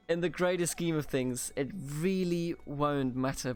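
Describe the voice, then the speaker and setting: Let's-play host, man from Germany, slightly high voice; exasperated, swears, self-mocking, faint game music behind. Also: steady tone, normal speed, few pauses, clean tone. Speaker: gaming video host.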